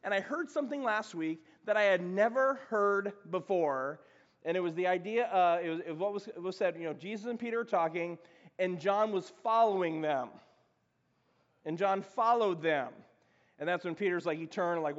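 A man preaching a sermon as pastor, talking in a conversational, animated way with frequent restarts. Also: high voice, moderate pace. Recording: dull lo-fi sound in reverberant hall.

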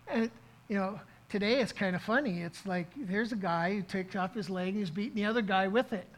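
During a church service, a middle-aged man preaching as pastor earnestly tells a story, frequently starting his sentences over. He talks fairly quickly in a high-sitting voice, captured on a low-quality recording.

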